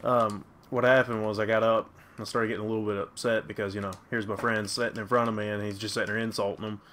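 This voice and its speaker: A young man in casual chat, speaking in a low-key, profane way and correcting his friend's version of events. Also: little pitch movement, quick pace, a bit bright, a little hiss or hum. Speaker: friend in the story.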